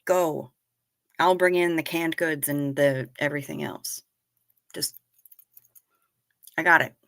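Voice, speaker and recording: A middle-aged woman hosts a casual livestream, telling stories straight to her viewers. Her voice sits fairly low but carries a forceful, tense edge. The sound is close and dry. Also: slow pace, creaky, dry recording. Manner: animated storyteller, talks straight to viewers. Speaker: livestream host. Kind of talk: casual chat reading viewer comments.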